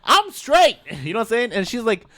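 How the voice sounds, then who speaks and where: Loud laughing man with a lively voice. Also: extremely high pitch, brisk, no room sound. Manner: loud, expressive, laughs often. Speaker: podcast co-host. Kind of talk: casual chat, storytelling.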